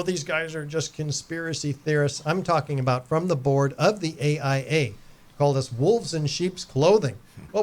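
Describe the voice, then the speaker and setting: Earnest, measured man as podcast guest. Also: on the high side. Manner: earnest, measured explaining with fillers. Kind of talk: casual podcast interview.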